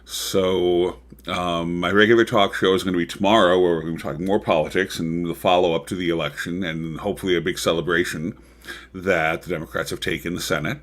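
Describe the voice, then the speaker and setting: A man with a low voice hosts his own livestream talk show. He chats about politics in a casual, rambling way, full of ums and side remarks. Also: steady tone, brisk. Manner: chatty, rambling with frequent ums and asides.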